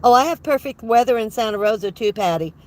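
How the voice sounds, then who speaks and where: A woman's voice: a little high, animated, fast talker, darkish tone. Chatty congested older woman vlogger. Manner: rambling, chatty, laughs often, greets viewers by name. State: congested from a head cold. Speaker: van life vlogger hosting a livestream. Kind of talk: casual livestream chat. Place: in her van.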